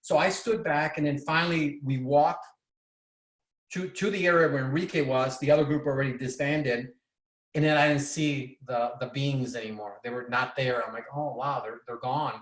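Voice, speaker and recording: Excitable man telling a story, echoey room. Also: mid-range voice. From Bolivia. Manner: excited, rambling, with many restarts. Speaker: presenter. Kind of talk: personal storytelling.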